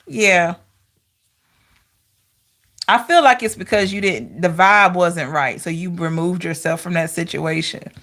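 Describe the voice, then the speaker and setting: A woman giving a casual tarot reading to camera, talking in an expressive, chatty way with rhetorical questions. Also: mid-range voice, normal speed. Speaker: tarot reader.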